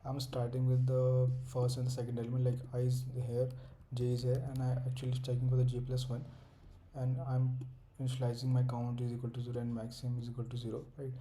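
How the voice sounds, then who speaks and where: Young male coding tutor, dark flat delivery, halting explanatory phrasing, faint background hum. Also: medium pitch, low-quality recording. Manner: explanatory, with frequent fillers and restarts in non-native English phrasing. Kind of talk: screen-recorded coding walkthrough.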